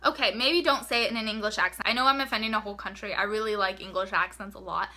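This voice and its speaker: A woman's voice: mid-range voice, fast talker, few pauses, sharp tone. A young woman giving frank college advice in a chatty vlog, peppering her talk with "like". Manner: chatty, frank, fills speech with "like". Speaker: vlogger giving college tips.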